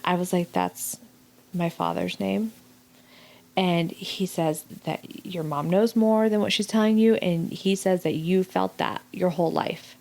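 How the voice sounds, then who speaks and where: Low-voiced woman telling a story animatedly. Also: unhurried, vocal fry. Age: middle-aged. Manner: animated storyteller, acts out quoted voices, swears freely. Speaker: guest. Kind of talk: casual storytelling chat.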